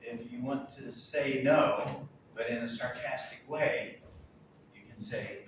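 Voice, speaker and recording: Slow, patient male English teacher. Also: medium pitch, fairly even intonation. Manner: slow, patient, quizzing the students. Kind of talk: online English lesson. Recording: echoey room, far from the mic, noisy.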